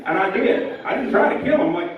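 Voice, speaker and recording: Brief: male comic, deadpan storyteller, high voice, dull live-club sound. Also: fairly quick, vocal fry. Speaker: stand-up comedian. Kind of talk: stand-up set. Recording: echoey club from far off, dull.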